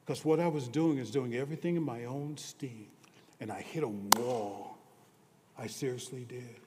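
A man preaching a sermon as pastor, earnest, moving between hushed and emphatic delivery. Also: medium pitch, moderate pace, background noise. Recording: long reverb of a large hall.

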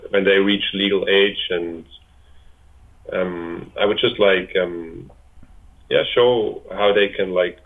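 A man in his twenties from Switzerland, a guest chatting casually in an interview, hesitant with many fillers and restarts. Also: sits low. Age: 20s. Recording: tinny phone-like line.

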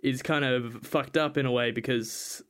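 A man's voice: mid-range voice, fairly even intonation, normal speed, fairly bright tone, clean tone. Rambling man chatting about films. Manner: rambling, full of fillers and restarts, swears casually. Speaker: podcast co-host. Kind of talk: casual movie review chat.

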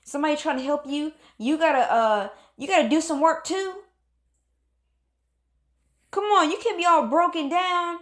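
A woman's voice: high voice, moderate pace, long pauses. A woman giving a motivational pep talk, emphatic and preachy, repeating phrases for stress. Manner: calls on God in exclamations. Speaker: motivational speaker.

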